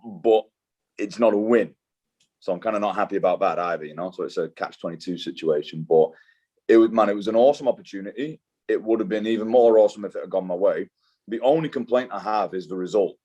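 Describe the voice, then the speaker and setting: Fast and lowish, with a dark tone, this young man from Britain is a mixed martial arts fighter guesting on a relaxed interview. His speech is slangy and easygoing, full of curses and repeated "dude"s.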